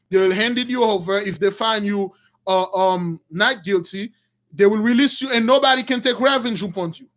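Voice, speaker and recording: A religious storyteller with a very high-pitched male voice retells an old story for his viewers. His speech comes in animated bursts that frequently climb into shouting, and he often backs up to start sentences over.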